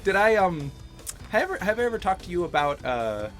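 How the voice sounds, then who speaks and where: A man's voice: high voice, very animated, fairly quick, fairly bright tone, soft background music. A middle-aged man chatting casually while playing a video game, telling rambling stories and laughing often. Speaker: gaming host. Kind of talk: casual let's-play chat.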